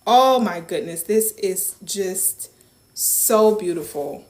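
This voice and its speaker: A woman who runs a small business, chatting casually in an unboxing vlog and gushing over each piece, often dropping to a soft whisper. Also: mid-range voice, animated, slow pace. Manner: gushing, repeats herself, drops into soft whispers. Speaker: small business owner and vlogger. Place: room at home. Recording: echoey room with faint noise.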